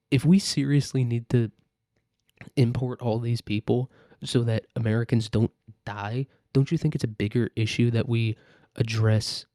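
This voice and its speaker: A man's voice: mid-range voice, dark tone, no echo, clean studio sound. Profane, sarcastic man ranting solo. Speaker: podcast host. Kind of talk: casual solo rant.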